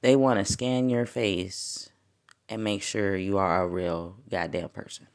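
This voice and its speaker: A woman talking straight to her podcast listeners in a relaxed, unscripted monologue. She tells stories with lots of energy, curses freely, laughs a lot, and her voice jumps up and down in pitch and loudness. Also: measured pace. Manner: animated storytelling with profanity and frequent laughs; wide swings in pitch and loudness. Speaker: podcast host. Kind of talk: casual spiritual podcast monologue.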